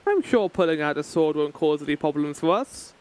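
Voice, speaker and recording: Man, let's-play commentary, chatty, joking, rambling, high voice. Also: animated, a little fast, darkish tone. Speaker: streamer.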